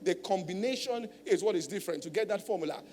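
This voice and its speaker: A man preaches a teaching sermon in a raised, high register. He drives each point home and keeps asking "all right?" to hold the room. His voice rings with a long hall reverb, and a faint low rumble sits underneath. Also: quick pace, a little mellow. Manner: emphatic teaching, tag questions like "all right?". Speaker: pastor.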